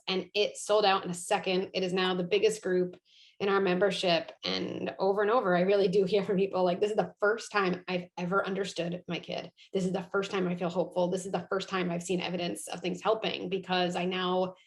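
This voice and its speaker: Reflective woman with a flat, gravelly voice. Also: on the low side, a little fast. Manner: reflective, thinking aloud with many fillers. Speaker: guest, parenting psychologist. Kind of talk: conversational interview.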